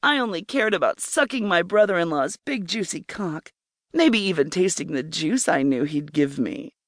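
A woman narrating a first-person erotic story in a slow, breathy, intimate way. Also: fairly low pitch, animated, dry recording, studio quality. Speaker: audiobook narrator.

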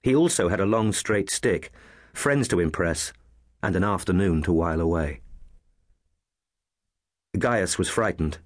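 A man with a very deep, slightly husky voice reads a historical novel in a steady, measured storytelling manner. The recording is dry and close, with no room sound. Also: no echo. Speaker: audiobook narrator. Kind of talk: scripted narration.

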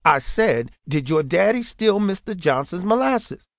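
A man's voice: mid-range voice, animated, normal speed, a little mellow, no room sound, clean studio sound. A male audiobook narrator voicing a belligerent policeman who barks threats. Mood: menacing. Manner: barking, threatening.

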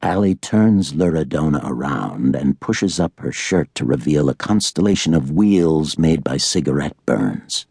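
A man narrating a thriller audiobook in a measured, dramatic way. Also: very deep voice, lively intonation, vocal fry, darkish tone, husky, no echo, clean studio sound.

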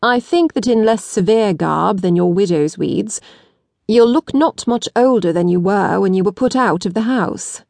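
Casting: a woman doing a blunt young nobleman, calm and measured, in a dry, close recording. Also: medium pitch, creaky, no room sound, natural voice. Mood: calm, businesslike. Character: cool, blunt aristocratic young man.

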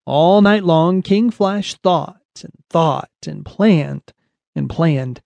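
Bright-voiced man reading a kids' story. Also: on the high side, slow, gravelly, no echo. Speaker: audiobook narrator. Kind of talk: children's story narration.

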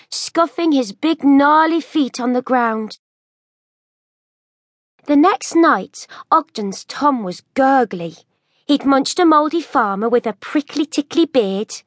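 A woman narrating a children's audiobook in an expressive storytelling manner. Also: sits high, takes it slowly, no echo, clean studio sound.

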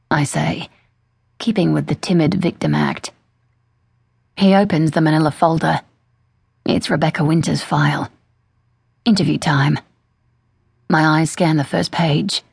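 A woman reading a first-person thriller audiobook in a measured, cool manner. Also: sits low, creaky, darkish tone, breathy edge, dry recording. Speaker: audiobook narrator. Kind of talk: scripted first-person narration.

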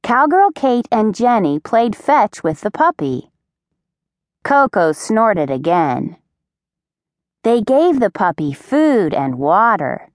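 A woman reading a children's storybook aloud, very slow and clear, her pitch rising and falling with lively expression. She is close to a studio mic and the sound is dry, with no room around her. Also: no room sound. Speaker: audiobook narrator.

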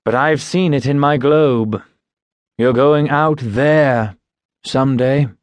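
A man voicing a bald, hard-drinking male playwright who makes slow, deliberate, solemn pronouncements in an audiobook. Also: mid-range voice, no room sound, close to an everyday voice. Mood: insistent. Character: boozy bald male playwright, melancholy and boastful.

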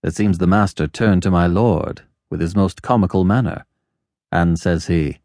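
A man's voice: a little mellow, no room sound, studio quality. A man reading a classic novel aloud. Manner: measured, lowered storytelling voice. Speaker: audiobook narrator. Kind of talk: scripted narration of a classic novel.

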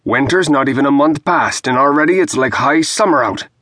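A man doing a barking rough first mate. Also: mid-range voice, lively intonation, brisk, sharp tone, no echo, clean studio sound, pitched above the performer's own voice. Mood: blunt. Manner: barking, blunt orders. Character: rough limping male first mate, blunt and loud.

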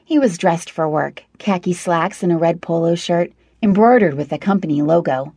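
A woman's voice: lowish voice, normal speed, hardly any pauses, mellow, breathy edge, no echo. A woman reading a first-person novel aloud as an audiobook narrator, in a wry, conversational storytelling manner.

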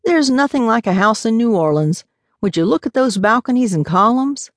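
A woman's voice: fairly high pitch, lively intonation, normal speed, no room sound, studio quality, voice pushed up, lightly acted. A woman voicing an easygoing, affectionate man who soothes and teases his partner. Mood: cheerful. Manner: soothing, playful.

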